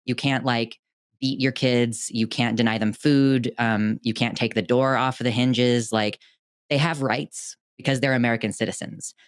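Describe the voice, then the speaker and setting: A co-host on a call-in talk show, speaking earnestly and thinking out loud. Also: mid-range voice, fairly even intonation, moderate pace, clear, resonant tone, dry recording, studio quality. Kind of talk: casual discussion with a caller.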